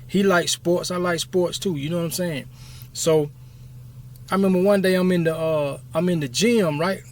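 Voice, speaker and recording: A man in his fifties, a YouTube storyteller with a voice on the high side, recounts a story from his past in a casual, rambling way. He often checks in with "you know what I'm saying".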